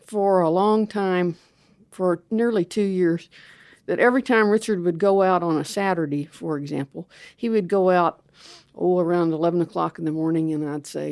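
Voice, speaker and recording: A woman's voice: lowish voice, steady tone, normal speed, darkish tone, no echo, clean studio sound. An older woman, a theologian, telling a candid, self-mocking story as an interview guest.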